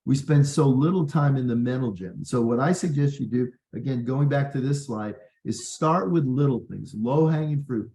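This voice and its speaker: A man's voice: mid-range voice, moderate pace, hardly any pauses, warm tone, echoey room, rough recording. A man, a physician, hosting a workshop in an earnest, conversational way with many fillers. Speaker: physician and leadership workshop host. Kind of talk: workshop talk.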